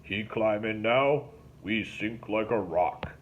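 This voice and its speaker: A man voicing a gruff, slow-talking male airboat driver from the swamp, with clipped rural grammar. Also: fairly low pitch. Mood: deadpan. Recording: slightly dull recording with faint hiss.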